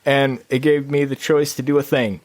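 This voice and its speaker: A man in casual podcast chat about video games, rambling and restarting as he goes. His pitch jumps sharply when he gets excited. The sound is close and dry. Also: moderate pace, dry recording. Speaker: podcast co-host.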